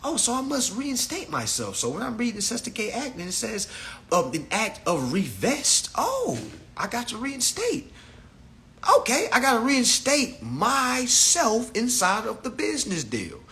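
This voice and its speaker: A man's voice: unhurried, slight background noise. Blunt, profane man lecturing a live stream. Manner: profane, blunt, lecturing, animated swings in pitch. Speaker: live stream host teaching a class.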